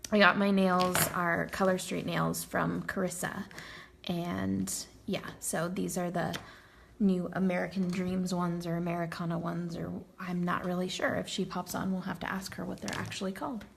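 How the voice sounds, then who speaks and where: A woman's voice: on the low side, vocal fry. A woman with a Texan accent hosting a casual livestream coloring tutorial, chatty and laughing often, tired after a long day. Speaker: craft tutorial host.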